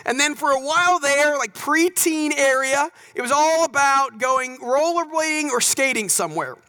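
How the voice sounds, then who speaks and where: A man from North Texas speaking to an audience, telling stories in an animated, conversational way and often checking in with "right?". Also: extremely high pitch, normal speed, poor audio. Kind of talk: storytelling talk.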